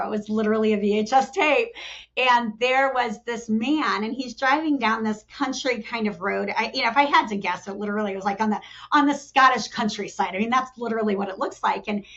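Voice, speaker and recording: On a podcast, a middle-aged talent development executive chats as a guest, spinning animated stories and performing quotes with leaps in pitch. Her speech is full of restarts and "you know," and the audio sounds dull and lo-fi.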